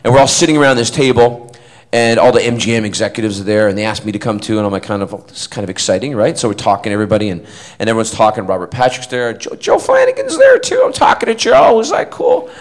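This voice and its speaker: Animated, rambling male storyteller. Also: fairly low pitch, fast talker, low-quality recording. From Scotland. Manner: animated, rambling, acts out quoted voices and laughs often. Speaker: actor telling a story to fans. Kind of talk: casual anecdote at a convention.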